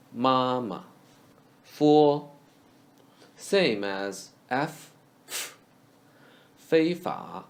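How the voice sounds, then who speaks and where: A young man leads a beginner pronunciation lesson at an unhurried pace. His pitch moves a lot as he says each sound clearly and repeats it for the learner. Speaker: Chinese language teacher. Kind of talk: scripted lesson narration.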